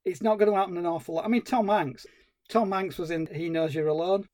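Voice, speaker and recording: A man's voice: high voice, a little fast, no echo, studio quality. A man co-hosting a film podcast, chatting casually and laughing easily. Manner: animated, laughs at his own lines. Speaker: podcast co-host.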